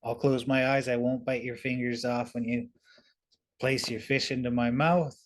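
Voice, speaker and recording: A man's voice: medium pitch, steady tone, normal speed, close to an everyday voice. A man voicing a huge supernatural living-log being, putting on a big, intimidating voice. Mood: blustering.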